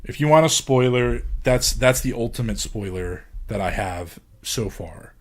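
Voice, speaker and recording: A man's voice: mid-range voice, measured pace. A man giving a casual podcast lecture, hesitant, with many ums and restarts. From England.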